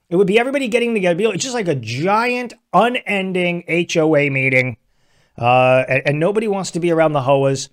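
A man hosting a political commentary show, delivering a sarcastic, mocking opinion monologue. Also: fairly high pitch.

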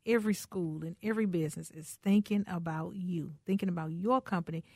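A woman's voice: lowish voice, steady tone, brisk, darkish tone, no echo, clean studio sound. A woman hosting a radio talk show, exuberant and teasing, often laughing as she talks. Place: radio studio.

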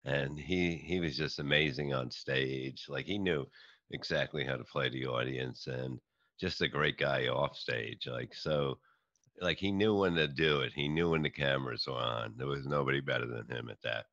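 A middle-aged New man with an extremely low voice that still has a sharp, forceful edge. He tells stories in a rambling, halting way, restarting his sentences often. The recording is dry and a little muffled. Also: gravelly, no room sound. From New York. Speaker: comedian and podcast guest. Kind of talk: casual interview chat.

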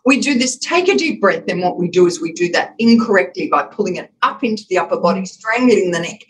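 A woman's voice: lowish voice, quick pace, a little hiss or hum, low-quality recording. A woman, a communications expert, explaining with emphasis in a podcast interview and acting out voice examples as she talks. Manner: emphatic, demonstrative, acts out voice examples.

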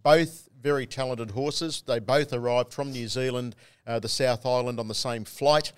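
A man's voice: medium pitch, steady tone, moderate pace, clean tone, no room sound. A man co-hosting a racing podcast talks fluently about horses and form with dry humour, in a middling voice. The sound is close and dry. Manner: knowledgeable, wry, fluent racing talk. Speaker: race caller and co-host. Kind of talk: casual chat.

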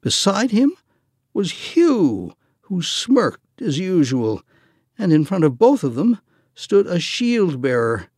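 A man narrates a children's storybook at an unhurried pace. His pitch sits slightly high and moves expressively, recorded dry and close. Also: very animated, a little mellow, husky, no echo. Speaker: audiobook narrator. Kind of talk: children's audiobook reading.

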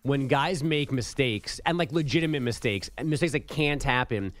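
A man co-hosting a sports radio show, laying out his argument at length in a measured way. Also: mid-range voice, dry recording. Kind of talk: casual sports radio banter.

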